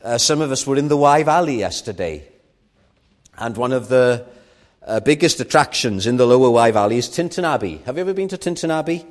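A man's voice: mid-range voice, lively intonation, a little fast. A man preaching a sermon at an evening church meeting, earnest and rising to fervent emphasis.

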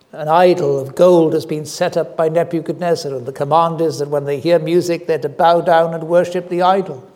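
A man preaching an evening sermon in a voice set a little high. He talks earnestly, lifting his pitch and volume on key phrases with frequent short pauses. A long reverb trails his words around a church hall. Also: a little mellow.

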